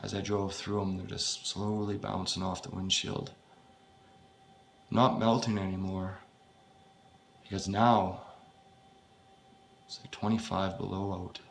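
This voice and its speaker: A man reading his own first-person horror story aloud, in a halting, unpolished way with frequent swearing. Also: deep voice, flat delivery, creaky, a little hiss or hum.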